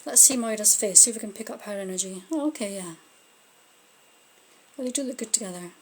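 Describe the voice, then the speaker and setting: A woman's voice: mid-range voice, very fast, a little mellow, slightly rough. A woman giving a casual tarot reading as a spiritual medium, musing aloud with frequent "like" fillers.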